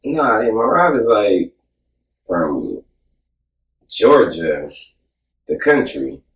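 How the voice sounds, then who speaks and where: A man hosting a casual, profane podcast chat, joking and animated as he recaps events. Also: on the low side, drawn-out words. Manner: animated, joking, mimics people loudly. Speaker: podcast host. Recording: roomy sound, mic at a distance.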